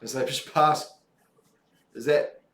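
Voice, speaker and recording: A man's voice: mid-range voice, steady tone, takes it slowly, a bit bright. Dry, teasing male co-host with a mid-range voice, who swears casually and is recorded in an echoey room. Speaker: stream co-host. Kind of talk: casual race commentary banter.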